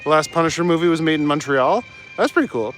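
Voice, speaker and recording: A man's voice: fairly high pitch, lively intonation, fast talker, a bit bright, soft background music, low-quality recording. A man hosting a live stream while walking city streets at night, casually chatting and joking with viewers as he reads their messages aloud.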